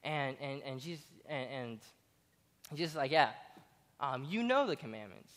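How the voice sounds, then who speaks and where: A man's voice: medium pitch, sing-song, moderate pace, fairly bright tone. A young man giving a casual sermon, stumbling through many fillers and restarts as he retells scripture with jokes. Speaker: speaker giving a Bible talk. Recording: long hall reverb.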